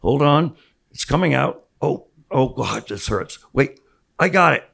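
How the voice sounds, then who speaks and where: A man's voice: mid-range voice, lively intonation, unhurried, vocal fry, a bit bright, slightly rough, voice pushed up, full character voice. A man doing a prankish theatrical father. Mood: mock panic. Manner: hammy mock panic. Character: prankish middle-aged father, theatrical joker.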